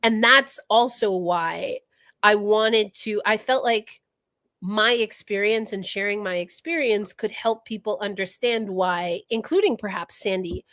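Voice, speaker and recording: A woman's voice: mid-range voice, measured pace, dry recording. A woman co-hosting a casual livestream discussion, talking in a thoughtful, reflective way, often restarting her sentences as she works through ideas. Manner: thoughtful, thinking out loud with many restarts. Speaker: podcast co-host.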